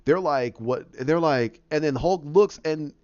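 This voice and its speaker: A man hosting a podcast, eagerly retelling a story in a fast, animated way with frequent restarts. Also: on the high side, clear, resonant tone, no room sound. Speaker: podcast host. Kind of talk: excited casual retelling. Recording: dull, dry lo-fi audio.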